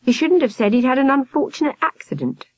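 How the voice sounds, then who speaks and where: A woman's voice: sits high, big pitch swings, a little fast, dry recording, pitched above the performer's own voice. A woman voicing a bold, indignant young schoolgirl in a storybook.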